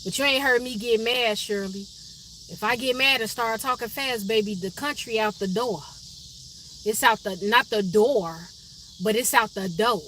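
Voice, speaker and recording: A woman's voice: fairly high pitch, normal speed, sharp tone, a little hiss or hum. A woman from Chicago with a Chicago accent, chatting casually on her live stream and answering viewers' comments by name. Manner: chatty, reads viewer names and comments aloud.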